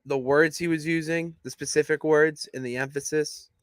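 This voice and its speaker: A young man co-hosting a casual wrestling podcast, emphatically pitching how storylines should go. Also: normal speed, smooth, dry recording, clean studio sound. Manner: emphatic, animated booking pitches. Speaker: podcast co-host. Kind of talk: casual wrestling analysis chat.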